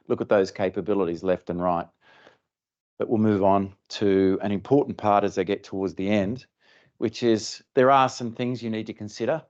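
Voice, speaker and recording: A man's voice: lowish voice, a little mellow, lo-fi sound. A man giving a conversational presentation at a company event, often restarting and repeating words for emphasis. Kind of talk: conference presentation. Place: event room.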